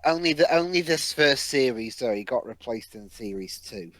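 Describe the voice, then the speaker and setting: A man co-hosting a casual watch-along commentary, cracking sarcastic, quick quips. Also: medium pitch, lively intonation, fairly bright tone, no room sound. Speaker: commentary co-host. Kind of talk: casual chat.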